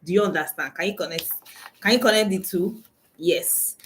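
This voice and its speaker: A woman's voice: on the low side, normal speed, a little hiss or hum, poor audio. A woman with a Nigerian accent, a coach hosting a casual live stream from her phone, greeting viewers by name and laughing often.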